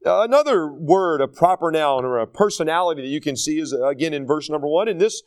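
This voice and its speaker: A man's voice: on the high side, expressive, fast. A man teaching from the Bible in an earnest, plain-spoken way, with frequent fillers and restarts. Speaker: pastor teaching a Bible study.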